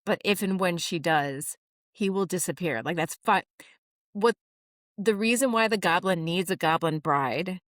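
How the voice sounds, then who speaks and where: A woman co-hosting a podcast who also writes books, chatting in a breezy, playful way with quick asides. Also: fairly low pitch, fairly bright tone, no room sound, studio quality. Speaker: podcast co-host and author. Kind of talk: casual podcast chat.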